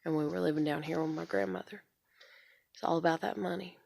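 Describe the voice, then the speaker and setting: A woman's voice: deep voice, fairly even intonation, fast talker, vocal fry, darkish tone. A woman in her thirties venting in a rambling, frustrated way and swearing often, in a casual monologue. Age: 30s. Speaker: vlogger.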